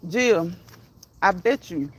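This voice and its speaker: A woman's voice: fairly low pitch, husky. A woman hosting a casual livestream, reading chat messages aloud, laughing often and talking back to her viewers. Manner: quick, lively chatter.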